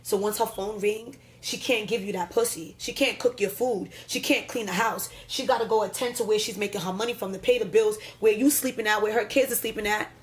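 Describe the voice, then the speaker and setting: A woman's voice: mid-range voice, a little fast, few pauses. Blunt, outspoken woman in a podcast debate. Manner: blunt, teasing, swears freely. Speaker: podcast guest. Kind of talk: heated casual debate.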